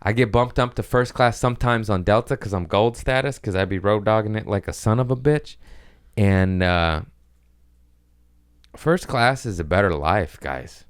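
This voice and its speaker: A man hosting a podcast in a casual rambling monologue, profane and self-mocking, drifting between quick asides and mumbled lines. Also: on the low side, clean tone, no echo, clean studio sound. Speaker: podcast host.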